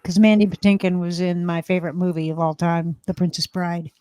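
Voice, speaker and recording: A woman's voice: on the low side, flat delivery, brisk, warm tone, clear, resonant tone, no echo. A woman from Alabama with an Alabama accent, chatting casually on a livestream, rambling, laughing often and swearing now and then. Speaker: livestream co-host. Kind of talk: casual chat.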